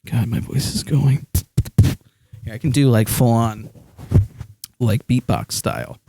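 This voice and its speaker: A man's voice: medium pitch, unhurried, vocal fry, warm tone, a little hiss or hum. A man streaming live, chatting casually and rambling with lots of ums and likes, speaking into a hand microphone.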